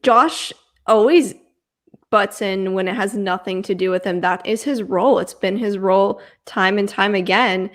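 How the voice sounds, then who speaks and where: A woman's voice: medium pitch, fairly even intonation, normal speed, few pauses. A woman co-hosting a reality show recap in a casual chat, giving firm opinions on the cast's choices.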